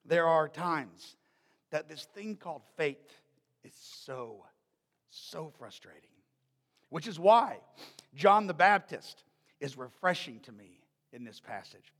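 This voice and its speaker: A pastor preaching a conversational, joking sermon in a church, after reading scripture and leading a prayer. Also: male voice, fairly high pitch, slow pace, long pauses, big-room sound. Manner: animated, conversational, joking asides. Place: church sanctuary.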